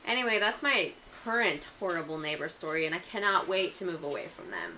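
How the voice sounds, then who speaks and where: A woman's voice: fairly low pitch, very animated, fairly quick, heavy background noise. A woman on a podcast, chatting casually and sounding exasperated as she tells a story. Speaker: podcast co-host.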